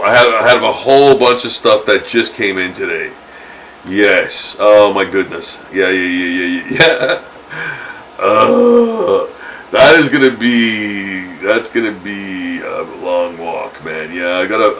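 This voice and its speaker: A man's voice: low-pitched, a bit bright, a little hiss or hum, low-quality recording. A middle-aged man chatting casually while he draws, rambling and chuckling, with lots of fillers and restarts. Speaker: artist streaming his drawing. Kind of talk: casual chat while drawing.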